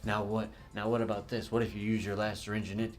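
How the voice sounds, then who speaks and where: A man hosting a recovery talk show as a casual livestream. He rambles playfully, greets viewers by name, and swings between fast chatter and slow, dramatic lines. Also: lowish voice, flat delivery.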